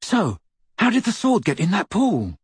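Man playing an earnest teen boy wizard, raised pitch, husky, dry close sound. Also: huge pitch swings, moderate pace, no room sound, heavily acted.

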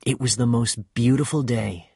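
A man reading a storybook aloud as narrator, slow and measured, with a husky voice. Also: medium pitch, steady tone, dark tone, dry recording, clean studio sound.

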